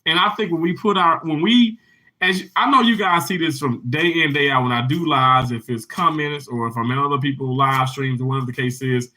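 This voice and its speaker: A man's voice: a little high, fairly quick, poor audio. A man hosting a casual livestream, telling a heartfelt story with many restarts and then cheerfully greeting viewers in the comments. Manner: lively and upbeat greeting viewers.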